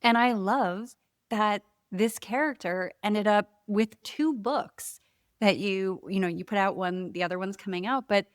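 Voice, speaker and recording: An enthusiastic woman hosts a book podcast in a conversational way, laughing easily between questions. Her voice sits at an ordinary middle pitch. The sound is dry and close, with no room echo. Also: a little slow. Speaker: podcast host. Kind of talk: conversational interview.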